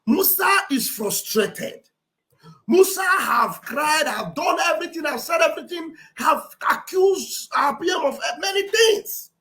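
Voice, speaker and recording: A woman hosting a live stream, mocking her subject with sarcastic shouting and mock wailing. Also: high voice. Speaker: online show host. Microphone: live-stream setup.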